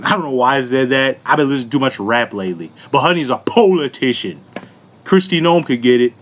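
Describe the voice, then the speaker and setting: A man's voice: medium pitch, fast talker, a bit bright, slight background noise. A man giving a comedic commentary rant to his viewers, profane and mocking, laughing often and talking down to them. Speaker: vlogger.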